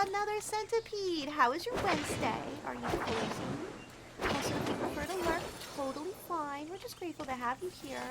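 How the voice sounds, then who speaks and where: Female streamer, high and bright, bubbly and giggly, light hiss under the voice. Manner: bubbly, giggly, talks to chat. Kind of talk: casual gameplay livestream chat.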